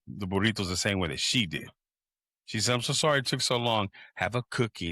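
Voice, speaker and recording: A podcast co-host with a lowish voice tells a long, casual story, swearing freely and acting out what people said in an animated way. The recording is studio quality with no echo.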